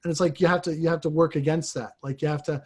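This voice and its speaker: A man, a priest, talking reflectively in a casual conversation, pausing and restarting his sentences often. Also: fairly high pitch, steady tone. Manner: reflective, halting, frequent restarts.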